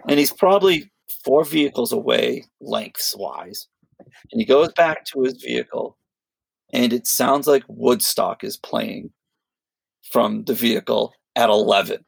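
A man co-hosting a podcast, telling a long story in a rambling, animated way, full of fillers and quoted voices. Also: mid-range voice, a little slow, creaky, slightly rough, dry recording. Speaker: podcast co-host. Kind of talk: casual storytelling chat.

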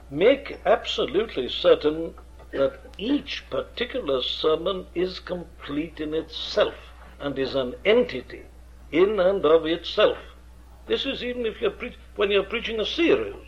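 A man, an experienced preacher lecturing earnestly on how to preach, with emphatic rhetorical questions. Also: a little high. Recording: dull lo-fi archive recording.

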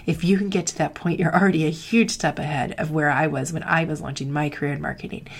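A woman in middle age talks as a career coach to students getting ready for work in marketing. Her voice sits on the low side. She speaks candidly, as if confessing her own struggles, and fills her speech with "like". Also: fairly even intonation, quick pace, vocal fry, slight background noise. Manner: candid, confessional, frequent "like", acts out quoted voices. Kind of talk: heartfelt motivational talk to listeners.

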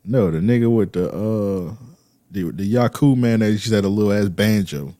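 A man's voice: fairly low pitch, moderate pace, warm tone, dry recording, clean studio sound. A man co-hosting a casual chat, bantering loosely with heavy slang.

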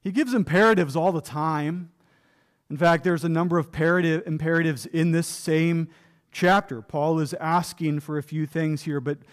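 A pastor preaching a sermon from the pulpit, earnest and emphatic, with rhetorical questions to his listeners. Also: high-pitched. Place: church pulpit.

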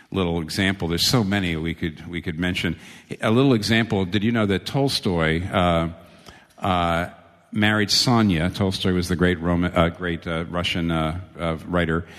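A man preaching a sermon, animated, jumping up high when he voices the quoted lines. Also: moderate pace. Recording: long reverb of a large hall.

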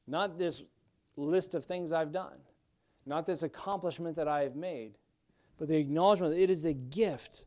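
A man's voice: on the high side, normal speed, long pauses, dark tone. A middle-aged male pastor preaching a sermon, emphatic at times, with frequent restarts and fillers.

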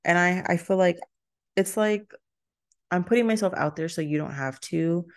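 A woman's voice: fairly low pitch, normal speed. A young woman from Texas, hosting her solo podcast in a rambling, chatty way, often laughing and breaking off mid-sentence. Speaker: podcast host. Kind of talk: casual solo podcast chat.

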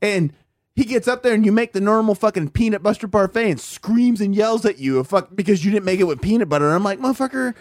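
A man's voice: high voice, fast, darkish tone, no echo. Profane rambling man, dry close sound. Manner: profane, rambling, laughs a lot, acts out customers. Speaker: former fast-food worker telling stories. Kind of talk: casual podcast chat.

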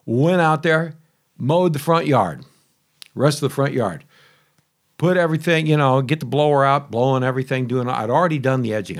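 A man telling a casual, rambling story to camera about testing a new mower, chatty and full of asides and grumbles. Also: mid-range voice. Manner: chatty, conversational, self-interrupting. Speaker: homeowner reviewing a lawn mower.

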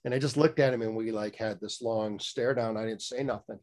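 A man's voice: fairly low pitch, fairly even intonation, a little fast, darkish tone. A middle-aged man telling a candid personal story as a guest, rambling with many fillers and restarts, blunt and a little profane.

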